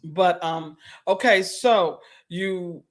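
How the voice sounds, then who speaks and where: A woman hosting a casual radio interview, lively and chatty, quick to laugh. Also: lowish voice. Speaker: radio show host.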